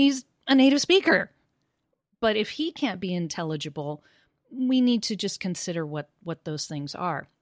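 Woman w/ a lowish voice talking teaching stuff, measured and thoughtful, dry mic. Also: no echo. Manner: measured, thoughtful, academic phrasing. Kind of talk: casual discussion on teaching pronunciation.

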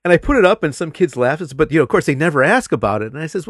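Middle-aged guy teacher chatting, lively storyteller, laughs a lot, dry close sound. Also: fairly high pitch, racing, dry recording. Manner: animated storyteller, laughs often. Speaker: English teacher. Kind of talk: casual conversation.

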